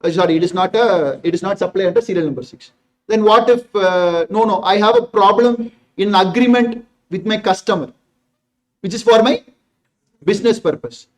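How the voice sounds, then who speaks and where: A man's voice: high voice, moderate pace. A man with a Tamil Indian English accent teaching an exam revision class, emphatic and repetitive, firing rhetorical questions at the class.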